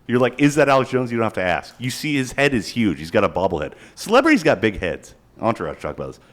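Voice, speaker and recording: A man's voice: fairly low pitch, huge pitch swings, fast talker. A young man co-hosting a podcast, rambling crudely and swearing as he jokes. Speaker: podcast co-host. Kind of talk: casual podcast chat.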